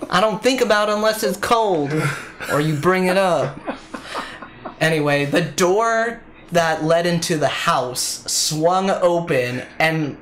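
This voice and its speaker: A man's voice: on the high side, slow pace, a bit bright, slight background noise. A young man casually telling a funny personal story on a podcast, swearing freely. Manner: laid-back, profane, laughing storyteller.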